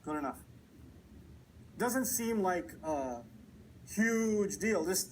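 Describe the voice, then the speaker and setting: A man giving a lecture on scripture, telling a story with lively rhetorical questions and acted-out quotes. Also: high voice, extremely slow, pauses often, slight background noise, rough recording. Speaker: preacher. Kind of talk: Quran commentary lecture. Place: lecture hall.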